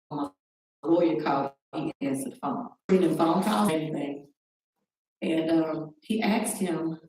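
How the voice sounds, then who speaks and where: A woman's voice: deep voice, a little mellow. A middle-aged woman giving a personal account as a talk show guest, acting out the phone calls she describes. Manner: recounts events by acting out quoted phone calls. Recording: very echoey room, distant mic, faint noise.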